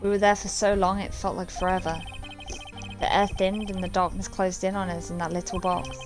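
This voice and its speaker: A woman's voice: on the low side, little pitch movement, brisk, lightly acted. A woman reading aloud as a shaken middle-aged man recalling an ordeal in a game, with game music behind. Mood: somber.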